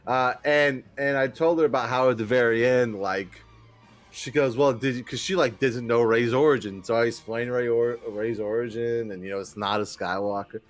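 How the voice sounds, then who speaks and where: A man's voice: mid-range voice, moderate pace, soft background music. Rambling, swearing male podcast host. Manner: rambling storyteller, swears, acts out quotes. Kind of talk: casual chat.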